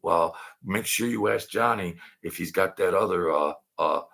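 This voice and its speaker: A man doing hushed mob wise-guy banter. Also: low voice, moderate pace, gravelly, voice pushed down, heavily acted. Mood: conspiratorial. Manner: hushed, conspiratorial gangster talk. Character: two women talking like mob wise guys.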